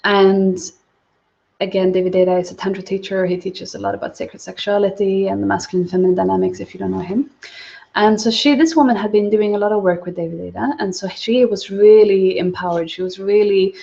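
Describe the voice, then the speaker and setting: Gravelly-voiced woman teaching, lo-fi audio. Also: medium pitch, fairly even intonation, fairly quick, mellow. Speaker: spiritual teacher. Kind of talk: livestreamed teaching talk. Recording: dull lo-fi livestream audio.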